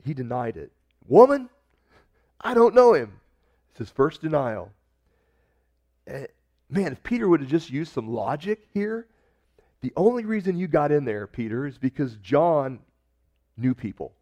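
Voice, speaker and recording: A man preaching a sermon in a conversational way, acting out the quoted lines with sudden shifts in loudness and tone. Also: mid-range voice, animated, moderate pace, pauses often. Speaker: pastor.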